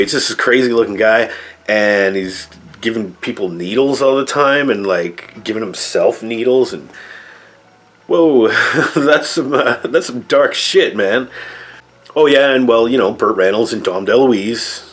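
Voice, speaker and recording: A man's voice: fairly low pitch, moderate pace, husky. A middle-aged man giving a rambling, sarcastic and profane movie review. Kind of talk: casual spoken movie review.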